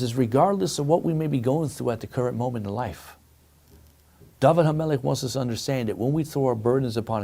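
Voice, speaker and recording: A man's voice: medium pitch, creaky, darkish tone. A middle-aged man preaching a sermon as a rabbi, telling a story and calling his listeners friends. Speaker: rabbi teaching a weekly Torah lesson.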